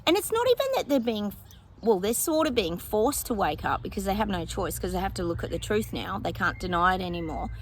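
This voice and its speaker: Speaking briskly at a medium pitch with big swings up and down, this psychic chats casually with her viewers about her predictions. She rambles and thinks out loud, filling the talk with fillers and frequent laughter, over slight background noise.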